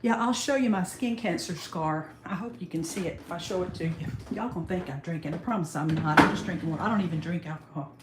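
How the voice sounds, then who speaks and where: A woman's voice: on the low side, fast talker, hardly any pauses, echoey room, distant mic, noisy background. An older woman chatting casually with viewers on a livestream from her kitchen, greeting them by name, a bit out of breath. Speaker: livestream host. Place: kitchen at home.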